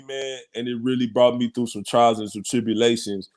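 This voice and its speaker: A man's voice: medium pitch, fairly even intonation, brisk, few pauses, a little mellow. A man giving heartfelt thanks as co-host of a sports show, earnest and close to tears, filling his talk with "man" and restarts. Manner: emotional, earnest, repeats "man" and restarts often. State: fighting back tears.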